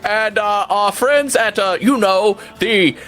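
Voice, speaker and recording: Man playing a doting, dithering dad on the phone, raised pitch, rambling. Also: slow, a bit bright, soft background music. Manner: hesitant and rambling, full of uhs. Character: fussy doting middle-aged father on the phone.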